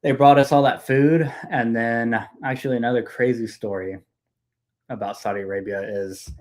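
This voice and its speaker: A young man chatting loosely on a podcast, spinning a story with plenty of swearing and "dude" in every other line. His voice sits at an ordinary middle pitch, relaxed and unpolished. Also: normal speed. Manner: storytelling, heavy profanity, lots of "dude". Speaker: podcast guest. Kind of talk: casual chat.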